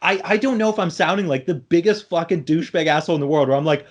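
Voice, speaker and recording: A man's voice: on the high side, quick pace. A young man hosting a casual podcast, telling a long story with lots of restarts and swearing. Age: young adult. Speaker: podcast host. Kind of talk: casual chat.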